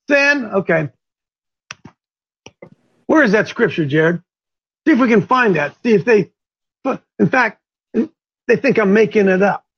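A fervent male talk radio host preaching in a high, gravelly, husky voice, driving his points home again and again. The audio is dull and lo-fi. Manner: fervent, repeats points for emphasis.

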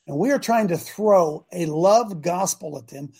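Gravelly older man preaching fiercely. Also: high voice, lively intonation, measured pace, mellow. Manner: emphatic, exclamatory, calls out to the audience. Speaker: host and preacher. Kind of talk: fiery live-show sermon.

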